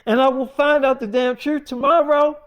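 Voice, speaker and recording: A man's voice: very high voice, steady tone, normal speed, lo-fi sound. A young man doing an angry swearing mother. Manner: swearing, scolding, threatening. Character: furious strict mother scolding her teen daughter.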